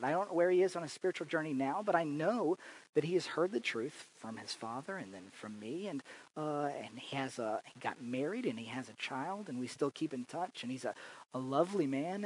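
A man who speaks in churches and teaches improv gives an informal church talk, telling chatty, funny stories with lots of fillers and restarts. His voice is on the high side with a breathy edge, and the recording is low quality.

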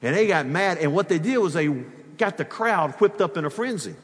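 Lively man preaching in a reverberant hall. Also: sits high, a little fast. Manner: animated storytelling, sermon with humor and asides. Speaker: pastor. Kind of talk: sermon.

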